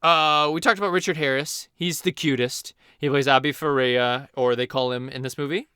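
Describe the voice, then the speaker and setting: A man's voice: mid-range voice, normal speed, clean tone, dry recording, studio quality. A man co-hosting a podcast, chatting casually about films and packing in trivia with lots of chuckles. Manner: animated, trivia-loaded, chuckles often. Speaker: podcast co-host. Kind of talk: casual movie chat.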